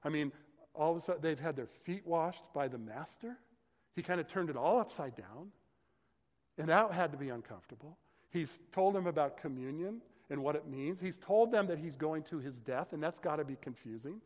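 A man's voice: fairly high pitch, animated, moderate pace. A male pastor teaching a sermon from scripture in a conversational, explanatory way, often checking in with "okay" and "right". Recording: long hall reverb.

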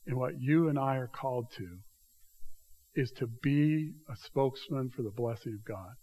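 A man preaching a sermon in a church, swinging between loud, raised passages and hushed, quiet asides. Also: medium pitch, breathy edge. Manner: dramatic shifts between loud acted quotes and hushed asides. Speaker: pastor.

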